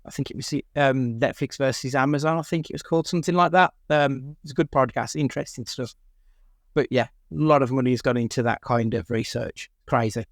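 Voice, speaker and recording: A man from England with an average-pitched voice, chatting steadily and moving the talk along on a podcast. He is recorded close, in a dry room with no echo. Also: a little fast. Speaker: podcast co-host. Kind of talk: casual chat.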